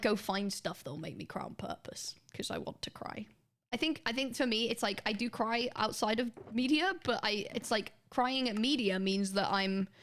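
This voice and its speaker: A young woman streaming, chatting casually with viewers in a rambling way, her throat a little sore. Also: mid-range voice. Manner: rambling, restarts sentences, quick laughs.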